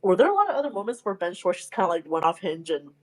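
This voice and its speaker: A woman co-hosting a casual interview, chatty and quick to laugh. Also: fairly low pitch, very animated. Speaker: co-host.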